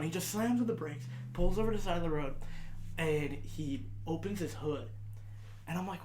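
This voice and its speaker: A young man telling a wild story in a casual podcast chat, swearing often and getting loud when he laughs, his voice worn out from talking. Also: a little high, moderate pace. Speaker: podcast co-host.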